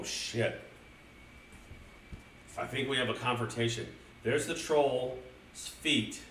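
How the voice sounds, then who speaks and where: A man's voice: medium pitch, fairly bright tone, distant mic, slight background noise. A man reading a children's picture book aloud to his stream chat, swearing often and riffing on the story with gamer slang. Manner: crude, rambling, swears a lot, mixes gamer slang into the story. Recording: roomy echo, speaker drifting from mic.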